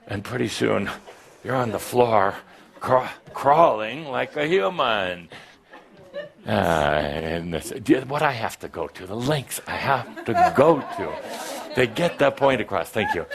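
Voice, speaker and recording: Male spiritual teacher, showman type: playful, teasing, very animated pitch, theatrical live talk. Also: a little slow, creaky. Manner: playful, teasing, exaggerated delivery with frequent laughter. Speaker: spiritual teacher addressing a gathering.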